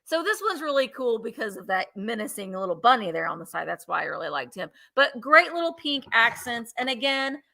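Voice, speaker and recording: A woman's voice: fairly high pitch, sing-song, fairly quick, vocal fry, few pauses, bright, forceful tone. A woman hosting a live vintage sale, chatting playfully and counting down bids. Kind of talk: live auction selling chat.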